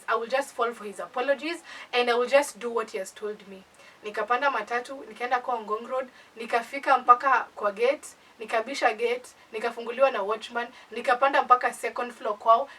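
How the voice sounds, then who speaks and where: Young Kenyan woman, animated storyteller, high breathy voice, distant mic. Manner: animated, indignant, code-switching. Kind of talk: casual storytime.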